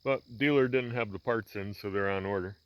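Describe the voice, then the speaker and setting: This man's voice sits on the low side, smooth and fairly quick. Strolling outdoors with a handheld camera, the farmer vlogger chats casually about chores, rambling in a relaxed manner full of fillers and restarts.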